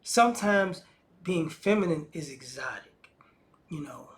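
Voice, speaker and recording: Man, high voice, casual opinion monologue, slangy, acts out quoted voices. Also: expressive, a little slow. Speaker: commentator.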